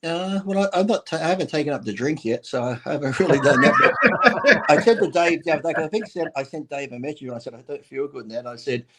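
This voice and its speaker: A man's voice: on the high side, animated, fast talker, over a noisy crowd. A man in his fifties with an Australian accent, telling rambling stories on a casual talk show, swearing and laughing through them. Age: 50s. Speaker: bodybuilder guest on a talk show. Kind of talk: casual storytelling.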